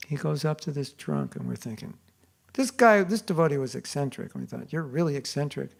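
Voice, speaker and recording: An older man giving a storytelling class at a temple, animated and acting out the voices of people in his stories. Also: on the high side, fairly quick, vocal fry. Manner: animated, acts out quoted voices. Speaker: spiritual teacher giving a class. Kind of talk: storytelling sermon. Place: temple hall.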